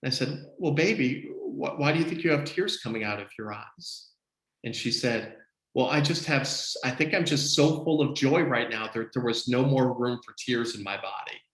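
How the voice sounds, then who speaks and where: A man coaching his team on a video call, delivering an energetic, motivational talk with emphatic repetition. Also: mid-range voice, moderate pace, echoey room, rough recording. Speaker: business coach.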